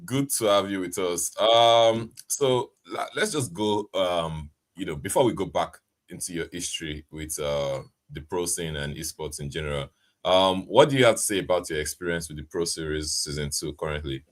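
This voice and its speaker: A man hosting a casual gaming podcast, measured, leaning on "you know" as he talks. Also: sits low. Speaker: podcast host.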